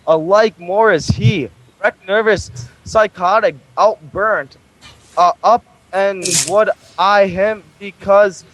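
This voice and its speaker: A young man reading a jumbled text aloud on a home livestream, slow and halting, word by word. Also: high voice, fairly bright tone, dry recording, poor audio. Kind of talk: mock reading of a bio on a livestream. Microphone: computer mic on a home stream.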